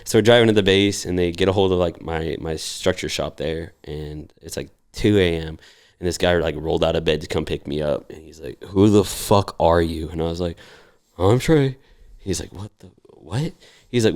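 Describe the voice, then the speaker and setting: This young man, in his twenties, talks fast in a deep, clear, resonant voice with fairly even intonation. He tells casual, profane stories and animatedly acts out the voices of the people he quotes.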